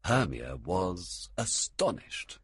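A man narrating a storybook in an expressive read-aloud manner. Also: deep voice, slow pace, breathy edge, no room sound, studio quality.

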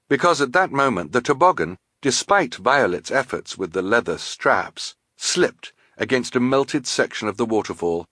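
A man narrating an audiobook with a wry, expressive reading. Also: on the low side, no room sound, clean studio sound. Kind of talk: scripted narration.

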